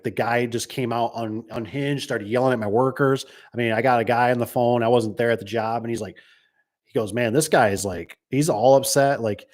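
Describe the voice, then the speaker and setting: Chatty rambling tradesman telling stories. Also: medium pitch. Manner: chatty, full of "right?" and "you know". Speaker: garage door installer. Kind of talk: casual rambling storytelling.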